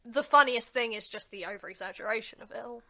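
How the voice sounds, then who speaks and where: Bright, chatty young English woman. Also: fairly high pitch, fast talker. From England. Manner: chatty, rambling with many fillers. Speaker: podcast co-host. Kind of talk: casual chat. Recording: home podcast recording.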